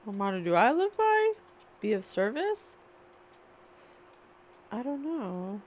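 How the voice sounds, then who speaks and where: A woman psychic reader talks at an unhurried, drawn-out pace in a fairly high voice. She muses and asks questions aloud as she channels spirit. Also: very animated, a little mellow, dull audio.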